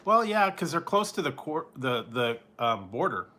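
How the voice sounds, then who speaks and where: Talking to his stream audience, this male food vlogger has a sing-song voice on the high side, pushed and bright, moving at a normal speed. He keeps things relaxed, laughs a lot, and jokingly mimics a surfer dude.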